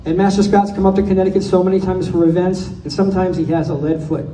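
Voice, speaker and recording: High-voiced man telling roast jokes. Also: little pitch movement, mellow, slight background noise. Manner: rapid one-liner punchlines. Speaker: speaker giving a birthday toast. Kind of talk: joke-filled roast speech. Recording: echoey hall, mic from far off.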